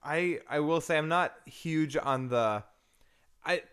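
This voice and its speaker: A man's voice: on the high side, slow pace, fairly bright tone, clear, resonant tone. A young man co-hosting a casual podcast, questioning plot holes with stammered starts and jokey asides. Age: young adult. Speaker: podcast co-host. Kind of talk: casual movie review chat.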